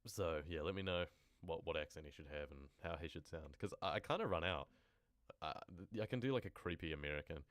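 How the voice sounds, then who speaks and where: A man with a very deep, low voice reads horror stories on a live stream. He drifts into casual, rambling chat with viewers between passages. The mic is close and dry, with no room sound. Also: brisk, fairly bright tone, no room sound. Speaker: horror story narrator and streamer.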